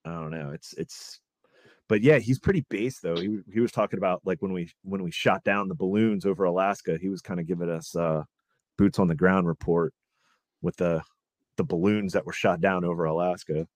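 A low-pitched man talking loosely on a podcast, full of fillers, restarts and profanity. His voice sounds close and dry, with almost no room around it. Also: brisk, dry recording. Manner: rambling, profane, many fillers. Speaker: podcast host. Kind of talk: casual podcast chat.

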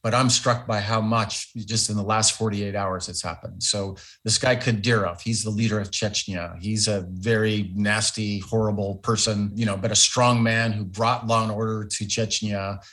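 A man's voice: on the low side, steady tone, moderate pace, few pauses, fairly bright tone. A middle-aged man, a former ambassador, answering radio interview questions in a thoughtful, emphatic way. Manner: thoughtful, emphatic, with fillers and restarts.

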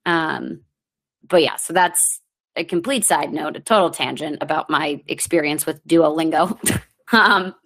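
A thirty-year-old woman and comedian hosting her podcast, chatting casually with a rambling, self-mocking manner and sudden animated bursts. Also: deep voice, unhurried. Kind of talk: casual solo chat. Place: lives in New York.

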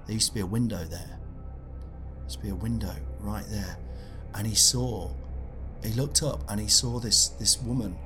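A man telling a comic story in a meandering, deadpan way, stopping to add details he forgot. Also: fairly low pitch, normal speed, over music. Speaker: comedian guest.

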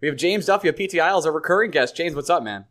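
A man's voice: on the high side, animated, rapid-fire, a bit bright. A young man co-hosting a sports podcast in casual chat, joking and laughing through the banter. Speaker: podcast co-host.

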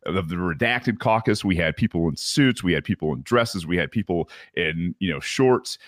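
A man's voice: deep voice, expressive, moderate pace, no echo, studio quality. A man from Michigan hosting a podcast, telling a candid, rambling story in a casual solo recap. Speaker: podcast host.

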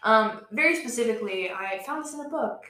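A young woman, chatting casually as a podcast co-host and telling animated stories with frequent laughs. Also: fairly high pitch, brisk, roomy sound. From West Virginia. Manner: laughs often, animated storytelling. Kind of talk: casual chat.

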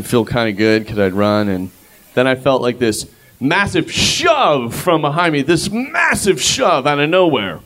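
A man's voice: medium pitch, smooth. A middle-aged man telling a self-mocking personal story on stage before a live audience. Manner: rambling, self-mocking, conversational.

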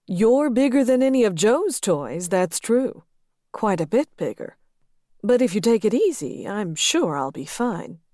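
A woman's voice: medium pitch, very animated, a little slow, warm tone, dry recording, studio quality, pitched above the performer's own voice. A woman reading the part of a bold married man who coaxes and teases his partner in an audiobook. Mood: teasing.

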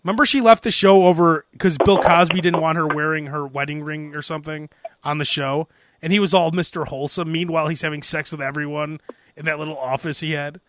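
A man hosting a podcast, telling animated comic stories in casual chat. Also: on the high side, brisk, slight background noise. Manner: animated storytelling, mimics voices. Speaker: podcast host.

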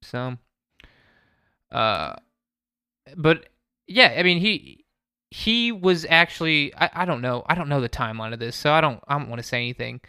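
Male co-host, bright and dry, rambling casual talker. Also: a little high, animated, normal speed, long pauses, clear, resonant tone, no echo. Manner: rambling with stammered restarts. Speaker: podcast co-host. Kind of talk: casual chat.

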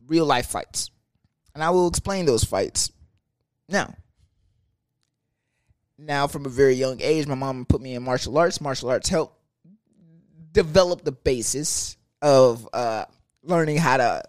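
A man's voice: a little high, no room sound, clean studio sound. A young man from Texas, telling a casual, profane and joking story about his work. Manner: profane, animated, ranting and joking. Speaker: storyteller vlogger.

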